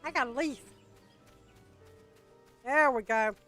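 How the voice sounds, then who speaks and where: A woman's voice: high-pitched, slow, fairly bright tone, soft background music. An older woman streaming a game, chatting casually and greeting viewers as darling and sweetheart. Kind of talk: casual gameplay chat.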